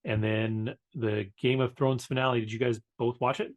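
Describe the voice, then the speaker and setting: A man's voice: medium pitch, level tone, normal speed, lo-fi sound. A man co-hosting a podcast in casual chat, hesitant with many fillers. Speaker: podcast co-host.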